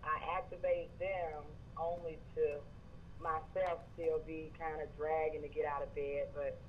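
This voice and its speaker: A man's voice: on the high side, little pitch movement, measured pace, dull audio, slight background noise. Friendly Southern man calling in. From Georgia, US. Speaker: caller. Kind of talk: phone-in conversation.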